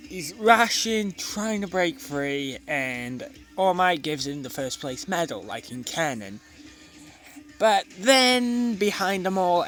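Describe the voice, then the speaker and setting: Man, rambling improvised storytelling, unhurried, slightly raised pitch. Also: no room sound. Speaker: fan storyteller. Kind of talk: casual spoken fan fiction.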